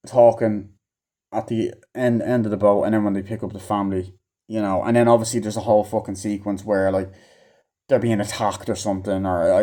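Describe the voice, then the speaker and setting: A man's voice: fairly low pitch, warm tone. A man giving a casual, rambling movie review, swearing constantly and acting out characters' lines in a raised voice.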